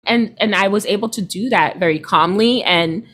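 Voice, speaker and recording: A woman in her thirties, a healer, chatting casually and acting out quoted people with lively swings in her voice. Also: normal speed. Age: 30s. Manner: expressive, acts out quoted people with big pitch jumps. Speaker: guest, healer. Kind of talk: casual podcast conversation.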